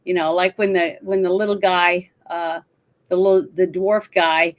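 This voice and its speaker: A woman's voice: on the low side, level tone, moderate pace. A woman co-hosting a casual talk show, retelling film scenes with lots of laughter. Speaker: podcast co-host. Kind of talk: casual chat about a film.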